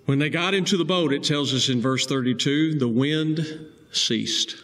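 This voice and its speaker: A male preacher, delivering a sermon with emphatic rising stresses and slow, deliberate key phrases. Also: on the high side, fairly bright tone.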